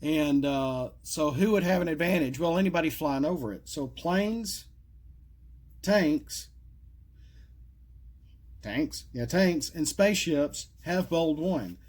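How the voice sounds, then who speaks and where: A middle-aged man casually presents his homemade game cards in a solo video, speaking slowly in a slightly high, animated, darkish voice and pausing often. He rambles with many fillers and asides, his voice sometimes cracking, and he coughs now and then.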